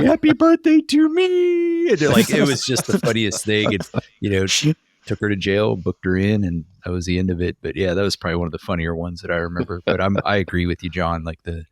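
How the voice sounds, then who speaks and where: A man's voice: low-pitched, no echo, studio quality. A man co-hosting a podcast, a former police officer telling stories in a chatty way with many fillers and restarts. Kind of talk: casual podcast chat.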